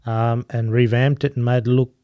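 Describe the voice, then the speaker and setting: A man's voice: medium pitch, flat delivery, normal speed, no echo, lo-fi sound. A man chatting casually as a guest, telling stories about running a bar and laughing at his own anecdotes. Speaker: guest, former bar owner. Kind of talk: casual storytelling chat.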